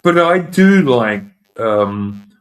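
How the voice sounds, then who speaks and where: A man hosting a casual live-stream chat, speaking haltingly and repeating words as he reads the chat aloud. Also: mid-range voice, big pitch swings. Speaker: host.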